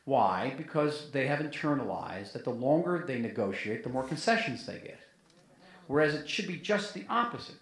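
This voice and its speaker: A former ambassador talking in an onstage interview, animated and emphatic, often restarting his sentences. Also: medium pitch, moderate pace. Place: museum event hall. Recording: roomy event hall sound.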